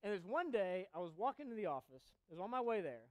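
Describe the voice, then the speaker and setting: Male preacher, high and smooth, chatty sermon storytelling, dry close sound. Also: very animated, fast talker, dry recording, rough recording. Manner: casual storytelling with many fillers; rises to loud emphatic reading of scripture. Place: church chapel.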